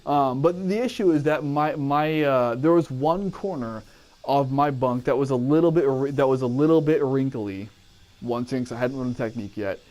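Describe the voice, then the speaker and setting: Telling stories to camera about his army training, a veteran rambles and digresses, his speech full of profanity. He speaks at normal speed in a mid-range, darkish voice.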